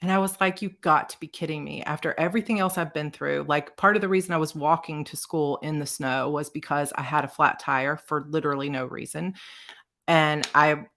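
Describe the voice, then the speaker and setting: Gravelly, bright-voiced woman telling a personal story. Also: deep voice, steady tone. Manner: emotional, near tears, halting restarts. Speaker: author and video host.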